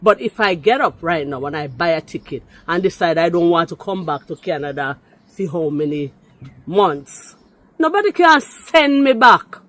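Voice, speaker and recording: A middle-aged speaker from Jamaica with a Jamaican accent, delivering a heated response rant, emphatic and indignant, slipping into patois and jumping up in pitch on every rebuttal. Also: very animated, normal speed, a bit bright. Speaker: vlogger responding to another video.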